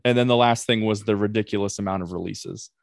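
A man hosting a casual podcast chat, getting animated as he defends himself. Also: on the low side, fast, gravelly, no echo, clean studio sound. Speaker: podcast host.

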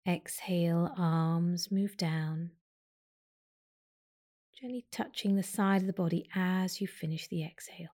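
A woman yoga teacher talking the listener through a slow breathing and movement practice, with gentle, unhurried instructions. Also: lowish voice. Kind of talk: guided breathing meditation.

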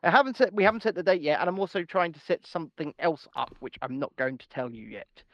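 A man's voice: fairly high pitch, animated, fast talker, a bit bright, no echo, dull audio. A man co-hosting a podcast in casual, jokey banter, swearing freely. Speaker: podcast co-host. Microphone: home podcast mic with noise gate.

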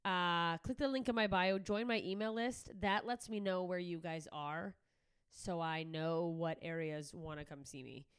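A woman's voice: fairly low pitch, measured pace, clear, resonant tone, no echo. A woman comedian hosting her podcast, chatting casually, brash and swearing freely. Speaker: podcast host and stand-up comedian.

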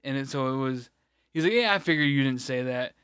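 A man's voice: medium pitch, lively intonation, a little fast, fairly bright tone, clear, resonant tone, no echo, clean studio sound. A man telling blunt, profane stories in casual podcast chat. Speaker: podcast co-host.

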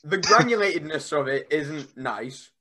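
A man's voice: fairly high pitch, lively intonation, a little slow, bright, forceful tone. A man guesting on a podcast, chatting casually and rambling with lots of "like" and restarts. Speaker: wrestler guest.

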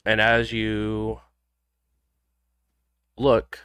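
Game master, male, low smooth voice, unhurried narration full of ums. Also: monotone, pushed and bright, no room sound. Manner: loose, filler-heavy narration with frequent ums. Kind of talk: narrating a tabletop role-playing game.

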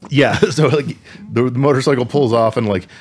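A man's voice: mid-range voice, normal speed, darkish tone, husky. A man co-hosting a casual movie podcast, laid-back, swearing easily and recapping the plot with lots of filler words. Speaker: podcast co-host. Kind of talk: casual movie review chat.

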